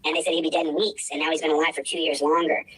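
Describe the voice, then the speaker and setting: A man's voice: on the high side, little pitch movement, racing, pushed and bright, breathy edge, poor audio. A man livestreaming who rambles emotionally, repeats himself and pleads. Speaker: livestreamer asking for a fundraiser.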